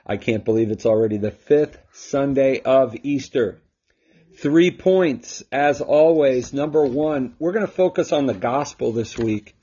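A man's voice: mid-range voice, animated, unhurried, mellow, husky. A man hosting a casual Scripture teaching talk from his home, emphatic and often checking in with a rhetorical "right?". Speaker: host and Bible teacher. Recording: dull lo-fi recording.

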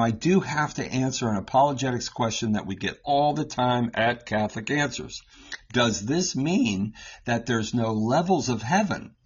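Husky-voiced male Bible teacher, easygoing and step by step; dull, lo-fi sound. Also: medium pitch. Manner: explains step by step, keeps asking "right?". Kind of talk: conversational scripture teaching.

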